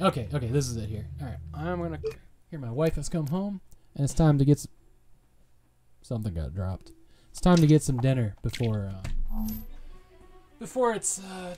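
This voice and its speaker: Zuidelijk Amerikaanse streamer met gamemuziek. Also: male voice, on the high side, mellow. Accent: Southern US. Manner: chatty, laughs often, swears freely. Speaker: game streamer. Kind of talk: casual live-stream commentary. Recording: game music playing behind the voice.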